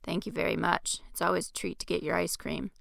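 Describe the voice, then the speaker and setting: Polite male security guard in an audiobook, read by a woman, gravelly and close-miked. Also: fairly low pitch, fairly even intonation, brisk, fairly bright tone, no room sound. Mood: grateful. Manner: polite and grateful.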